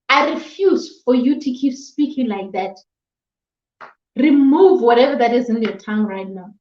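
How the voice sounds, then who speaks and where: A woman's voice: on the high side, normal speed, a little mellow. A woman giving a motivational talk to her viewers, repeating phrases for emphasis and breaking into scolding exclamations. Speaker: motivational vlogger. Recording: echoey room, dull lo-fi sound.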